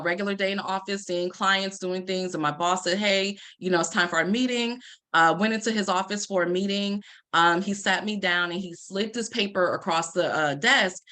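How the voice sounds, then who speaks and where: Expressive woman telling her story. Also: fairly low pitch. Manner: expressive storyteller, acts out quoted lines. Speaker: life coach and Reiki practitioner. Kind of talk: personal story told to an audience.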